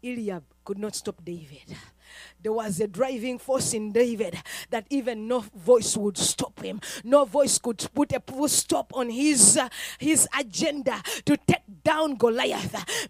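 A woman preacher from Uganda, giving a fervent sermon that swings between quiet talk and shouting. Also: fairly high pitch, a little slow, no echo.

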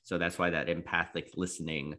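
A man's voice: sits low, level tone, brisk, bright, forceful tone. A man in a casual discussion, explaining an idea about listening in an earnest way.

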